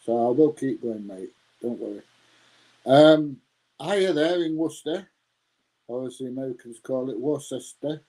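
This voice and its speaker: A man's voice: mid-range voice, moderate pace, long pauses, dark tone, rough recording. A man, rambling casually as he answers his viewers' live chat and calling them mate. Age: 60s. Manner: rambling, chatty, laughs often, says mate.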